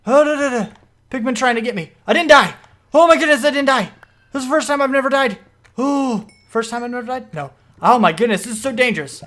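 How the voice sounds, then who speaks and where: A man commenting on his own gameplay as he plays, rambling through explanations and breaking into panicky, excitable outbursts. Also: extremely high pitch, fast. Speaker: gaming video host.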